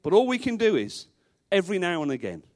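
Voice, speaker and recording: A man's voice: high voice, huge pitch swings, fast. A male pastor preaching a sermon to a congregation in a church, emphatic, repeating rhetorical questions and dropping in dry humorous asides.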